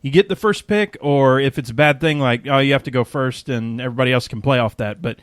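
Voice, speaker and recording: A man's voice: fast talker, no echo, clean studio sound. A man hosting a podcast in a jokey, chatty way, laughing often. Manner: jokey, laughs often, pitch jumps around. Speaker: podcast host. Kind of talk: casual podcast chat.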